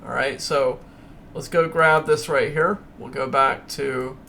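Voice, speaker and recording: A crypto channel host with a mid-range, creaky, pushed, bright voice talks slowly with fairly even intonation over slight background noise. In a casual screen-share walkthrough of price charts, he speaks emphatically and goes off on ranting asides.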